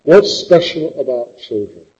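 A man lecturing a class on poetry, animated and teasing, with sarcastic asides. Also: a little high, measured pace, husky. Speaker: literature lecturer. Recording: dull lo-fi classroom recording.

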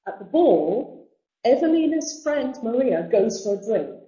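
A woman's voice: on the high side, sing-song, unhurried, warm tone. A woman teacher explaining a novel to students, with chatty asides and restarts. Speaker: literature teacher. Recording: dull roomy sound.

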